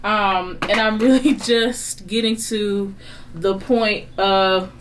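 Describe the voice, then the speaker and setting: Speaking slowly with a steady tone, a woman vlogger in her 30s unloads her frustrations in an open, casual conversation. She shifts from quiet, low remarks to high-pitched outbursts of exasperation, laughing along the way, over a slight hiss or hum.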